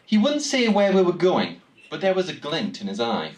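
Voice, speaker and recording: A man's voice: on the high side, sing-song, normal speed, a little hiss or hum. A young man from Newcastle with a Geordie accent, telling a wry, comic story live on stage in a small venue. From Newcastle, England. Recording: roomy room, distant mic, audience.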